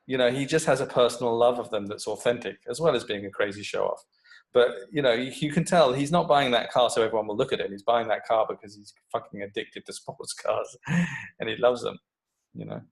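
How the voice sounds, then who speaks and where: In a casual podcast interview, a male creativity coach tells an animated story and swears freely. His voice is medium-pitched and gravelly, his delivery brisk, and the audio quality is poor.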